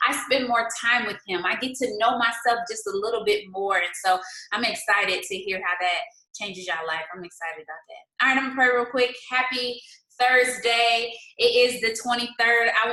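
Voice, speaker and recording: Woman on a livestream hyping up her viewers, reading comments out, bright voice, echoey room. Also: fairly high pitch. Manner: upbeat, reads viewer comments aloud and affirms them. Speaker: livestream host. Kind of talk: motivational livestream chat and prayer. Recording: roomy echo.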